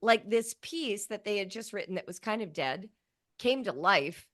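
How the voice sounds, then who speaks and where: A woman in her fifties, a writing educator talking as a guest, who tells animated stories and acts out quoted lines. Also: mid-range voice, moderate pace, no room sound, clean studio sound. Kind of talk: conversational interview.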